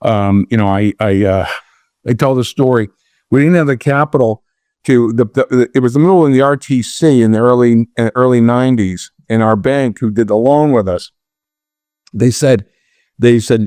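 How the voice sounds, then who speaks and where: A man's voice: mid-range voice, moderate pace, no room sound. A middle-aged man, a podcast guest, telling a long story in casual interview talk, acting out old conversations and often restarting his sentences. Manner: animated storyteller, acts out dialogue with a raised voice, many restarts. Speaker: podcast guest, real estate investor.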